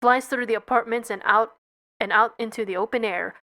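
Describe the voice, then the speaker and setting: Young woman narrator, casual read-through, bright high voice, stumbles on words. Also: fairly quick. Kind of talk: playful script read-through.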